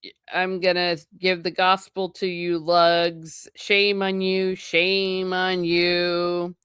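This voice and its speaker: A woman's voice: on the low side, level tone, slow, fairly bright tone, clear, resonant tone, dry recording, clean studio sound. A woman voicing a stern old male religious servant, preachy and scolding.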